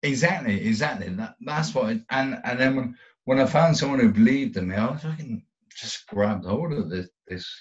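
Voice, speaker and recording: Animated and medium-pitched, this interview guest talks at a moderate pace about his own life. It's a candid interview full of rambling, frequent swearing and repeated restarts. Dull lo-fi audio.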